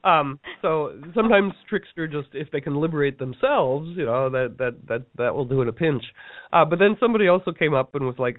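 Playful animated man on a tinny line. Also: fairly high pitch, brisk, no echo. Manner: animated, acts out quoted people with playful voices. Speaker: workshop teacher. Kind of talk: casual storytelling talk. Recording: dry tinny phone-like line.

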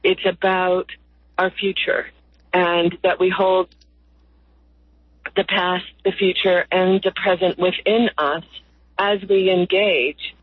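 Husky woman guest on a tinny phone line. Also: lowish voice, steady tone, dry recording. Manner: slow, earnest, lyrical phrasing. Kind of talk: reflective interview talk.

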